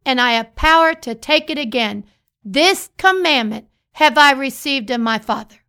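A woman's voice: sits high, lively intonation, moderate pace, bright, forceful tone, clean tone. A woman pastor preaching a sermon, reading scripture and repeating phrases for emphasis.

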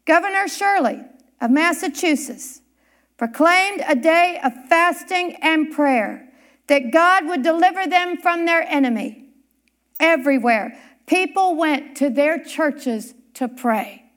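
A high-pitched woman delivers a sermon story at an unhurried pace. She lingers on words and pauses for drama, building the tale phrase by phrase. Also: lively intonation, fairly bright tone. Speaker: church speaker.

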